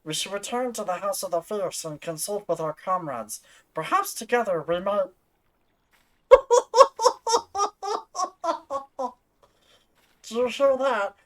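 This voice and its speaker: A man putting on a squeaky, nasal, comedic gremlin voice while reading a game warrior's lines. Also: sing-song, slow pace, long pauses, a bit bright, exaggerated voice. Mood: goofy.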